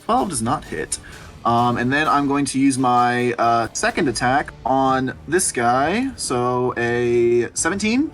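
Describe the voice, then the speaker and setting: A man's voice: mid-range voice, big pitch swings, slow, fairly bright tone, faint music behind. Eager man narrating his attacks. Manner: eager, relishing, describes attacks in vivid detail. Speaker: player. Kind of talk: playing a tabletop game online. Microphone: headset.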